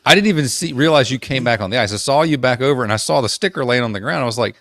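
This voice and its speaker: A man's voice: medium pitch, animated, rapid-fire, a bit bright, dry recording, studio quality. A man co-hosting a casual podcast, adding wry, teasing remarks to a friend's story. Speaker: podcast co-host. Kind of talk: casual chat.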